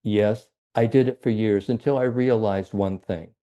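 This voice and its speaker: A man voicing a calm, wise old male tomcat in a spoken fable. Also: lowish voice, a little slow, highs cut off, lightly acted.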